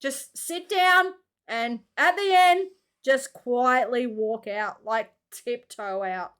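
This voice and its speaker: An Australian woman with a high, bright voice chats through a reaction video. She talks at an unhurried pace, exclaiming and throwing in slang as she goes. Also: clear, resonant tone. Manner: chatty and exclamatory, slangy, laughs often. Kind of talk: casual reaction commentary.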